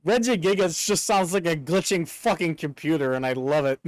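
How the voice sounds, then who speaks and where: High, animated male streamer. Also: normal speed, dry recording. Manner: excitable, swears, bursts into laughter. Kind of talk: casual live-stream chat.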